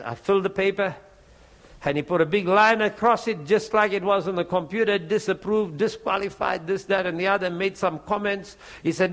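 A middle-aged man preaching a testimony, telling a story with lively acted-out dialogue. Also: high-pitched. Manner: animated storyteller, acts out both sides of dialogue.

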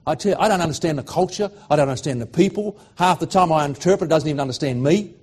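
A middle-aged Australian man preaching a sermon, swinging from loud fervent declarations to hushed, emotional storytelling. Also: a little high, fast, breathy edge.

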